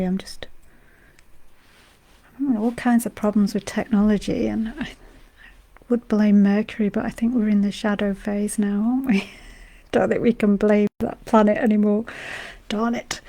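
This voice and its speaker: A woman from Britain who is unwell, her voice going, talking gently and softly as a meditation guide on a live stream, rambling with many fillers. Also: mid-range voice, flat delivery, unhurried, pauses often. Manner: soft-spoken, gentle and rambling, with frequent fillers. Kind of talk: casual spiritual talk on a live stream.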